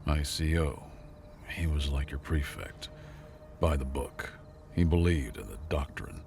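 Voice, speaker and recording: A man voicing a tired, sarcastic human janitor in a sci-fi story, speaking flat and deadpan. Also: very deep voice, measured pace, creaky, over music, full character voice.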